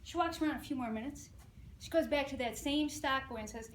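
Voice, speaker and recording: A woman's voice: high-pitched, brisk, slight background noise. A woman student giving an informative class speech in a chatty, upbeat, jokey manner. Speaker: student speaker. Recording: echoey room from far off.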